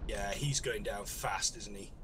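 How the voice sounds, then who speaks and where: A man's voice: on the low side, measured pace. Man, game co-commentator, conversational, tag questions, audible background noise. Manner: chatty, asks tag questions. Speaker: tournament co-commentator.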